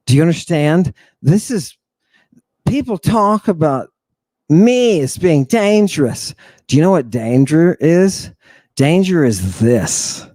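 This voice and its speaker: A man's voice: fairly high pitch, mellow, no room sound. A man hosting a talk show, lecturing on ancient texts in a theatrical, mocking way, full of rhetorical questions and asides. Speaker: podcast host.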